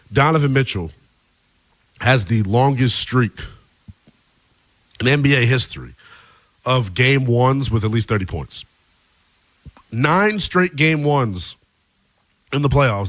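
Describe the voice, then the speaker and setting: Casual energetic sports radio host. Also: male voice, medium pitch, no echo. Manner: loose, energetic, conversational with fillers. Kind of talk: late-night sports talk radio.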